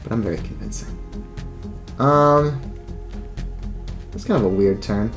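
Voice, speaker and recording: A man's voice: mid-range voice, a little slow, soft background music. Casual, profane man playing a game. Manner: casual, profane, thinking aloud. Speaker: gameplay commentator. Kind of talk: let's play commentary.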